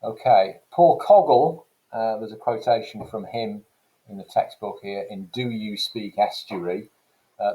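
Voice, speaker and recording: A man's voice: on the low side, moderate pace, mellow, rough recording. A man teaching a recorded lesson, explaining casually with fillers and reading quotations aloud from texts. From England. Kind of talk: recorded classroom lecture.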